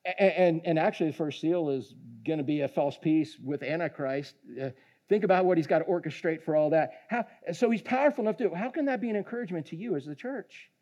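A man preaching a sermon, animated, swinging from hushed lines to shouting and joking with the congregation. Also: on the high side, fast. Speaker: pastor.

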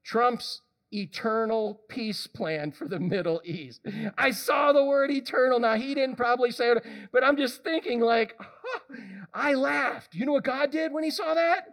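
A male preacher giving a lively, conversational sermon, often questioning the congregation. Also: very high-pitched, unhurried.

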